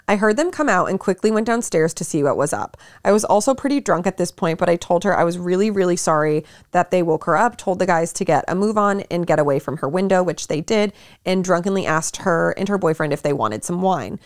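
A woman's voice: on the low side, fairly quick, hardly any pauses, dry recording, clean studio sound. A young woman co-hosting a podcast, chatting casually and reading a listener's post aloud. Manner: animated, laughing often, lots of likes. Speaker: podcast co-host.

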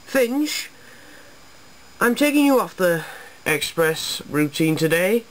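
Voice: mid-range voice, big pitch swings, slow pace, pitched above the performer's own voice, poor audio. A narrator doing a stern railway manager. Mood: severe. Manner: severe, authoritative.

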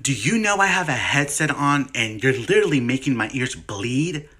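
A sassy man acting out call-center skits, with a very bright, animated voice that leaps around in pitch. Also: normal speed, slightly rough. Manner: sassy, exaggerated. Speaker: comedy sketch creator.

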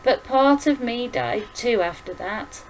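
Storybook old lady, gentle and guilt-ridden, raised soft voice, as a woman reads her. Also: a little high, animated, a little hiss or hum, pitched above the performer's own voice. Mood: sorrowful. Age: older. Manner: soft, slow and tender.

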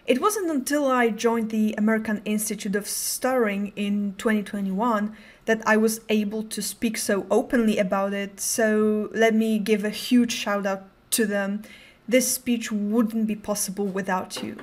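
A woman's voice: mid-range voice, fairly even intonation, measured pace. A young adult woman giving a prepared conference talk, speaking in a careful, controlled way with occasional stutters on sounds.

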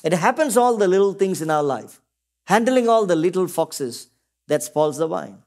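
A man's voice: high voice, expressive, normal speed, darkish tone. A middle-aged man from Singapore, preaching a sermon to his congregation. He keeps calling out "Amen?" and drops into short quoted voices as he teaches. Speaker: pastor.

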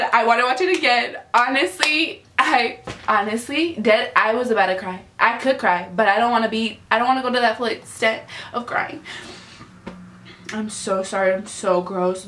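A young woman in a reaction vlog, gushing excitedly and swearing freely in slangy, repetitive bursts. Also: on the high side, echoey room. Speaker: vlogger reacting to a music video. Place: at home, just woke up.

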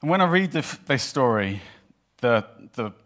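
In a church hall before a congregation, a Welsh man preaches a sermon, animatedly retelling a Bible story and acting out its characters' voices. His voice is mid-range at a moderate pace.

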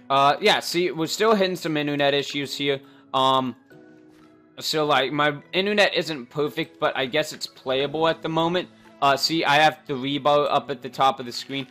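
A man's voice: a little high, pushed and bright. A teenage boy casually talking over his gameplay, rambling with lots of fillers and restarts. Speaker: gaming channel host. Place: bedroom at home.

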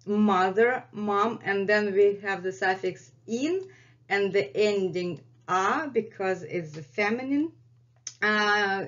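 Russian-native woman teaching a lesson, super slow and careful, repeats words, kinda dull lo-fi sound. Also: medium pitch. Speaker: language teacher and channel host. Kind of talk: language lesson for learners.

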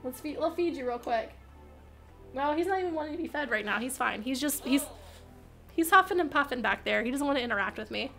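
A giggly woman streamer chatting casually to her viewers while she crafts, her high voice bouncing all over the place. The tone is bright and sharp, and she talks over faint background music. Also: animated, fairly quick, creaky. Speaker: livestreamer. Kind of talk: casual crafting livestream chat.

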